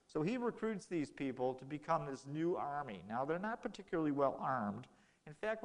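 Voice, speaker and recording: A man's voice: mid-range voice, brisk, in a large hall. A man giving a casual history lecture in a lecture room, telling it as a story and acting out the quoted exchanges.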